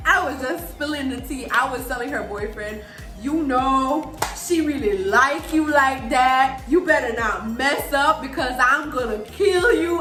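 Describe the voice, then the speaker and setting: A young woman with a Belizean accent tells a funny story in a casual vlog, animated, emphatic and often laughing. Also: a little high. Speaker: vlogger. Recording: echoey room with faint music.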